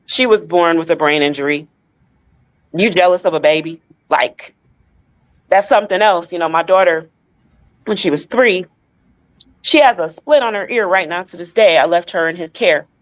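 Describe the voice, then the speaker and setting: A woman's voice: on the low side, moderate pace. A woman co-hosting a podcast, telling a painful personal story with emotion and speaking straight to her listeners. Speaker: podcast co-host.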